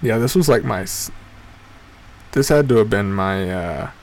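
A man in his twenties hosting a show, telling a crude, rambling, profane comedic story with sudden loud jumps in pitch for emphasis. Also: expressive, unhurried. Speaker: podcast host. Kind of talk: casual comedic monologue.

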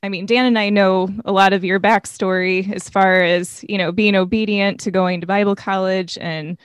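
A woman co-hosting, prompting her guest to share more, with small pauses. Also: medium pitch, steady tone, smooth, no room sound, studio quality. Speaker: podcast co-host. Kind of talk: casual interview.

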